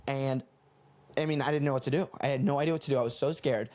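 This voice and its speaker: A man's voice: mid-range voice, steady tone, fast, darkish tone. Young guy on his comedy podcast rambling thru a story, keeps correcting himself, normal mid voice. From United States. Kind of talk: casual storytelling monologue.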